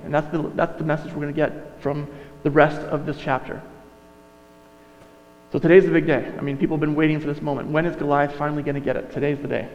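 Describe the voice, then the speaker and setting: A man's voice: a little high, fairly even intonation, quick pace, a little mellow. A male pastor preaching a sermon in a conversational way, often correcting himself and going off on asides. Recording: dull sound, long reverb, mains hum.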